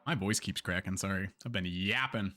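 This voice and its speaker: A man's voice: sits low, moderate pace, sharp tone. A man hosting a casual live-stream game review, chatty and candid, with lots of fillers and the odd swear word. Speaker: streamer and host.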